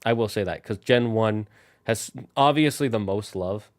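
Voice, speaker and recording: A man's voice: on the low side, normal speed. A man streaming a video game while chatting loosely with his viewers in a rambling, casual way. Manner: rambling, talks straight to his chat. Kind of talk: casual live-stream chat while gaming.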